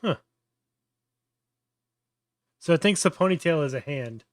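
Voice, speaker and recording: A man's voice: fairly high pitch, expressive, unhurried, no echo, clean studio sound. A man hosting a casual live tutorial, thinking aloud with many fillers and restarts. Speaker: host.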